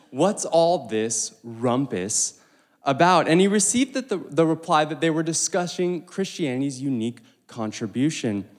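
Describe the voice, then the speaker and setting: Man preaching in an echoing hall. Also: on the high side. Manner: animated, with stumbles and asides. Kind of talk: sermon. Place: church hall. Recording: long reverb of a large hall.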